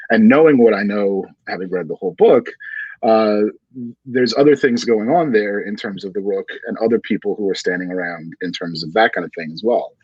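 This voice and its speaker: Husky low-voiced male interviewer. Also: darkish tone, no echo, dull audio. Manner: long-winded, halting, many fillers. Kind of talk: livestreamed bookshop conversation.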